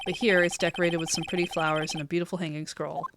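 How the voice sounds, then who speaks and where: A woman's voice: lowish voice, flat delivery, quick pace, background noise. A woman streamer reading a game's dialogue aloud, dropping wry joking asides. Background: game music.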